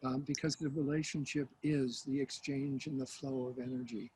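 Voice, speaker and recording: An older man, a mediator, speaking as a guest in an interview in a thoughtful, measured way. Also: medium pitch, flat delivery, darkish tone, husky, rough recording. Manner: thoughtful, measured, with frequent fillers. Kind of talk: conversational interview.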